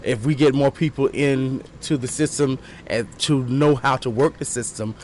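Thoughtful, halting man in a street interview. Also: mid-range voice, steady tone, darkish tone, slight background noise.

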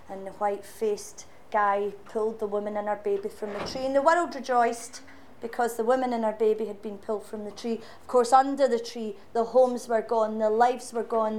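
A woman voicing a young refugee boy who quietly recounts a disaster. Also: a little high, a little hiss or hum, close to an everyday voice. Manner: quiet, grave telling. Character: solemn young refugee boy telling of loss.

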